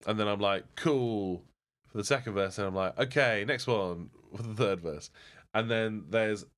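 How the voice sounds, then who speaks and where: A man's voice: fairly low pitch, fairly even intonation, fairly quick, a bit bright. A man chatting casually at home as a podcast co-host, rambling and laughing as he acts out stories. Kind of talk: casual chat. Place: home, indoors.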